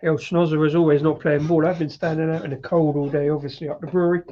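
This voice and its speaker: A man's voice: on the high side, level tone, fast talker, dark tone, highs cut off. A British man hosting a live beer review, chatty and rambling with frequent laughs. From Britain.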